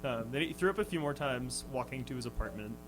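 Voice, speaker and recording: Now fast and expressive, the young man's medium-pitched voice is a bit bright as he tells touring stories on a casual radio show, laughing and hesitating with frequent fillers and restarts. Music runs under the studio conversation, and the recording is rough.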